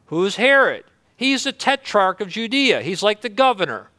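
A male pastor with a high, bright voice preaches in an earnest, conversational tone. His voice is smooth and clear, and the recording is close and dry. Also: big pitch swings, moderate pace, no room sound. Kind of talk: sermon.

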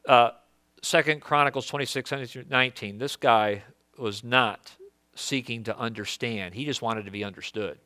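Earnest male preacher, bright clear voice. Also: medium pitch, steady tone, measured pace, no room sound, studio quality. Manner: earnest, conversational preaching with frequent restarts. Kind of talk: sermon.

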